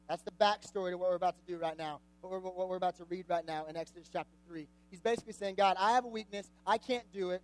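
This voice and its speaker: A man's voice: high-pitched, fairly even intonation, fast, hardly any pauses, rough recording. A young man giving a casual, jokey sermon to a youth group, often asking the audience questions. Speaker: youth pastor.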